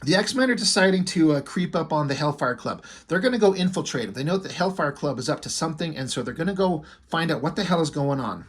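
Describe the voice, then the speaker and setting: A man's voice: on the high side, expressive, fast talker, few pauses, husky. A man who reviews comics and draws, retelling a story in a rambling, casual way full of fillers. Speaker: comic book reviewer and artist.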